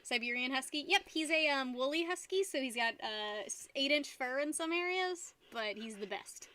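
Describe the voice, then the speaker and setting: A woman's voice: high-pitched, lively intonation, moderate pace, pushed and bright, no echo. A young woman hosting a live stream from home, chatting loosely and giggling while she paints. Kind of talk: casual chat while painting.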